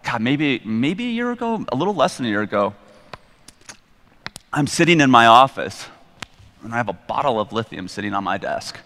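A man's voice: lowish voice, a bit bright. A middle-aged man giving a candid, rambling personal testimony from the stage, a bit self-deprecating. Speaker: guest speaker at church. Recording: long reverb in a large hall.

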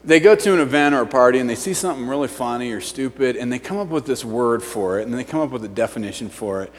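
Male youth pastor, sermon, hushed whispers to shouts, long echo of a church hall, faint hum. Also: mid-range voice, expressive, fast. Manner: swings from hushed near-whispers to loud shouting. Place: church sanctuary.

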